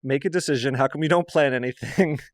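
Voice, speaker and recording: A man co-hosting a podcast, trading jokes in a banter game with a mid-pitched voice. He lays on mock-whiny exaggeration in a dry, deadpan way. The sound is close and dry, with no room around it. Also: fast, no room sound. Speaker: podcast co-host.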